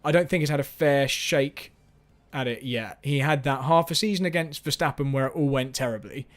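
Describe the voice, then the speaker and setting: A man's voice: medium pitch, moderate pace. A man hosting a casual live-stream chat, rambling and self-mocking, with frequent restarts. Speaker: host.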